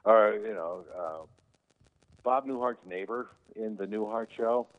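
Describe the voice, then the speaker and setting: A man telling casual stories, lively, often acting out what others said in raised voices. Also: on the low side, a little slow. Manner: animated, quotes people in raised voices. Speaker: guest telling stories about his brother. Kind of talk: casual anecdotal storytelling. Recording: tinny phone-like line.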